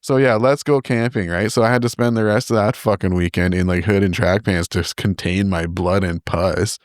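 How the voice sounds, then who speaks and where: Um homem jovem com sotaque canadense conta histórias cheias de palavrões num papo de podcast, rindo das próprias trapalhadas. A voz é baixa, lisa e ressonante, gravada bem seca e de perto, sem eco da sala. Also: male voice, sits low, normal speed, no echo, studio quality. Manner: profane, animated, laughs at his own stories. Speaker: podcast co-host. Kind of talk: casual storytelling chat. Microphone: podcast studio microphone.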